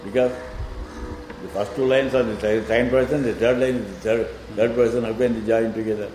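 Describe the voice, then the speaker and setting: A man's voice: mid-range voice, steady tone, darkish tone, slight background noise. Man explaining poetry, echoey room. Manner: patient, explanatory, recites verse quickly in sing-song. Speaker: teacher of classical poetry. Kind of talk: explaining a poem line by line.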